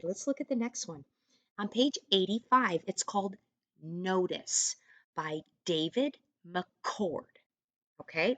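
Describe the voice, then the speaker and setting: A woman teaching an online first grade reading lesson, encouraging young children and sounding out words slowly. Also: mid-range voice, bright, forceful tone, no room sound.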